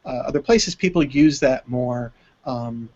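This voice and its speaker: A man's voice: medium pitch, darkish tone. An American man co-hosting an English lesson, speaking thoughtfully with frequent restarts. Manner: thoughtful, halting, many restarts. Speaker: co-host, English teacher. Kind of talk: online English lesson hangout. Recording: dull web call audio.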